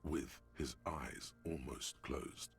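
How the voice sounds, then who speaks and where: A grim narrator of a video game, telling grisly scenes in grave, vivid detail. His voice sits extremely low with a gravelly edge. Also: fairly even intonation, takes it slowly, exaggerated voice. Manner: grave, vivid descriptive delivery. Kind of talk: scripted narration.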